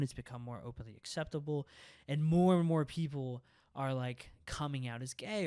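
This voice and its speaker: A man's voice: mid-range voice, a little mellow, dry recording. Rambling young man, dry close voice. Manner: profane, rambling, filler-heavy with constant "like" and "right?". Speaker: podcast co-host. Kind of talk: casual podcast chat.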